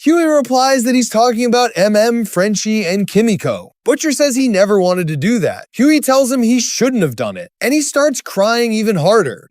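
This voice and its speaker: High, lively male story narrator. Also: normal speed, hardly any pauses, no echo, studio quality. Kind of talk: scripted story recap narration.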